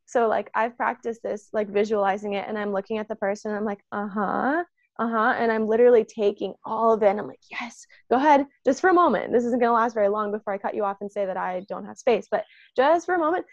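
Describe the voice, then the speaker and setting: Gravelly-voiced woman in animated spiritual chat. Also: mid-range voice, fast, no echo, muffled recording. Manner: animated, acts out quoted voices, frequent fillers.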